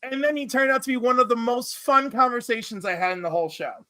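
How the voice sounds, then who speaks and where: A man co-hosting a casual comics chat, full of campy storytelling. His voice is bright and sharp, and he jumps way up in pitch when he acts out what people said. The sound is dry and close. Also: quick pace, no echo. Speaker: podcast co-host.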